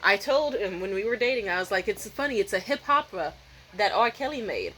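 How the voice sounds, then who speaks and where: A young woman vlogging at home at night, telling a story in a profane, animated rant and mimicking other people's voices. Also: mid-range voice, brisk, slight background noise, poor audio. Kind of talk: casual vlog rant.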